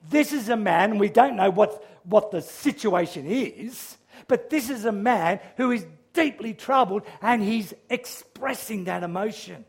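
A man preaching a sermon, earnest and measured, with frequent restarts, who raises his voice when he quotes a psalm's cries. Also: sits high, vocal fry, slightly rough. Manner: quotes scripture in a raised, crying-out voice.

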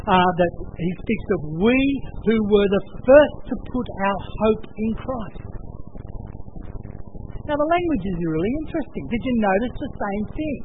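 A man preaching a sermon in church with an expressive, emphatic delivery that swings between loud and soft. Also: sits high. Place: church service. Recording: tinny phone-like sound with faint noise.

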